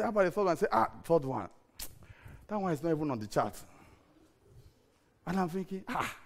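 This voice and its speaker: A middle-aged man, preaching a sermon full of stories, animated and laughing, sometimes breaking into shouted prayer. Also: a little high, vocal fry. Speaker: pastor. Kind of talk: storytelling sermon.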